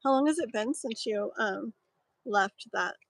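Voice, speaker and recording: A woman's voice: a little high, unhurried, dry recording, rough recording. A woman in her thirties chatting casually while doing live tarot readings, rambling with lots of fillers and a slightly strained voice. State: voice strained, clearing throat. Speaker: tarot reader streaming live. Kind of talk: casual live-stream chat.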